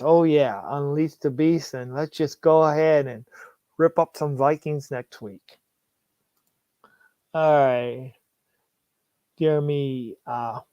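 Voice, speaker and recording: A man's voice: mid-range voice, warm tone, dry recording. A man hosting a casual sports livestream, reading viewer comments aloud, laughing often and restarting his phrases. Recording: dull lo-fi sound.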